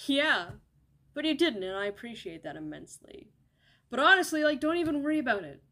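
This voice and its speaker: A woman with a somewhat high voice plays out a comedy skit and trades roles in quick banter. Her delivery is dry and sarcastic, with casual swearing. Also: sharp tone. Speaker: comedy sketch voice performer. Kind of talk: comedic dialogue skit, voicing several characters.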